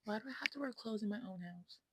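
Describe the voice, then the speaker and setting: This fast-talking woman has a mid-range voice and lively intonation, with background noise behind her. In her twenties, she vlogs casually at home to her phone camera, rambling, frank and self-absorbed, often slipping into whispers.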